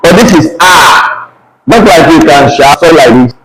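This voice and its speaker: A man's voice: fairly high pitch, lively intonation. Man teaching in an echoey crowded room. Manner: repeats words slowly, stretched out for learners. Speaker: Spanish teacher. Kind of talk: live classroom lesson. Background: crowd noise.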